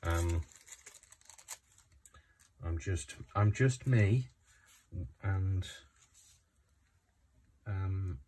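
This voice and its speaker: A man's voice: low voice, extremely slow, long pauses, darkish tone, slightly rough. A man from Coventry, chatting casually while crafting, rambling with many fillers. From Coventry, England. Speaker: craft vlogger.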